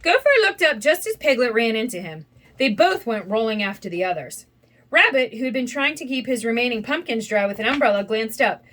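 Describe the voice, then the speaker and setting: Woman, children's read-aloud narrator, expressive, bright, high-pitched. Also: a little fast. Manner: expressive, animated. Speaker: storybook reader.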